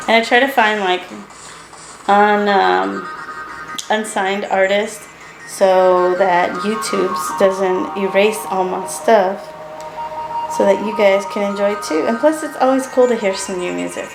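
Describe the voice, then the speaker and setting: A woman's voice: mid-range voice, steady tone, measured pace, gravelly, reverberant, a little hiss or hum, low-quality recording. A sleepy young woman chatting in a rambling, laughing way as a doll-collecting vlogger, late at night in her living room. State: sleepy, yawning. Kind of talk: casual late-night chat to camera. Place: living room at home, indoors.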